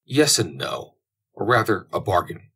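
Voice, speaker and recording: A man's voice: lowish voice, sing-song, a little slow, sharp tone, breathy edge, exaggerated voice. A man voicing a shifty older foreign notary in an audiobook, evasive and ingratiating. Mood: sly.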